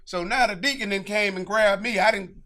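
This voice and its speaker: A man co-hosting a podcast, telling stories in a lively, excitable casual chat. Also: high-pitched, brisk. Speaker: podcast co-host.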